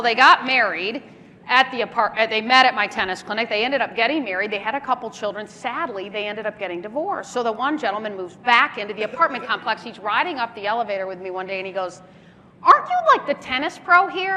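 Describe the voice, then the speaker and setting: A woman giving a keynote speech at a business luncheon, telling lively anecdotes and acting out the dialogue. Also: fairly high pitch, brisk, some chatter behind. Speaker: keynote speaker. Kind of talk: keynote storytelling. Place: large luncheon hall. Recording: echoey hall, faint room noise.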